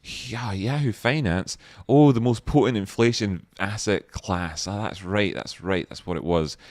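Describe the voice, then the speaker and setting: A man's voice: lowish voice, a little slow, darkish tone, dry recording, clean studio sound. A man hosting a live trading stream, riffing playfully with mock outrage and swearing as he reacts to chat and a video.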